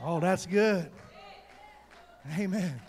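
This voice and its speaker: Pastor man preaching hard, real high voice, shouts a lot, keeps going "come on". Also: very slow, a faint crowd. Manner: fervent preaching, often shouting, rhetorical calls to the congregation. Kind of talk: sermon.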